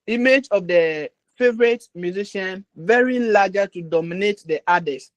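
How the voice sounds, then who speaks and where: A man's voice: high-pitched, moderate pace, dry recording, highs cut off. A young man, a student, giving an example in class, hesitant and searching for words. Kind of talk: answering in class.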